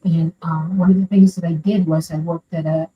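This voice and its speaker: A woman's voice: low-pitched, flat delivery, normal speed, dull audio. An older woman from Florida calling in to share a personal story, talking in an earnest and rambling way. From Florida, USA. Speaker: caller sharing a story. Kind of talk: casual storytelling. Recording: distant mic with faint background noise.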